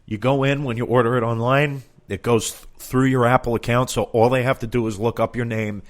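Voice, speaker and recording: A man's voice: medium pitch, steady tone, a little fast. A man doing a comedic storytelling monologue, exasperated and profane, acting out both sides of the conversations he recounts.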